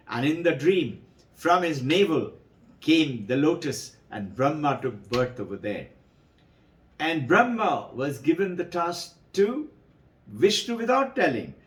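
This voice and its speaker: A man telling a sacred story to devotees as a spiritual teacher, animated and acting out the characters. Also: a little high, echoey room.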